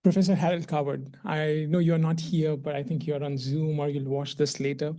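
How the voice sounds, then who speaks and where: A man's voice: on the high side, level tone, moderate pace, dark tone. A man giving a public lecture as a guest speaker in a lecture hall, effusive and emotional, often repeating words as he goes.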